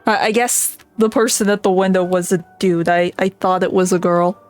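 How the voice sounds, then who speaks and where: A woman's voice: lowish voice, steady tone, moderate pace, soft background music. A woman streamer giving casual gameplay commentary, reading the on-screen text aloud and stumbling over names.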